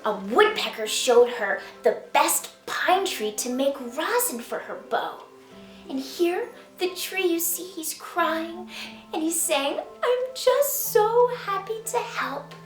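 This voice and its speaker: A woman's voice: high-pitched, animated, takes it slowly, echoey room, distant mic, faint music behind. A woman, the author, reading her picture book aloud to children in a playful sing-song way, asking them to join in. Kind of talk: storytime read-aloud for children.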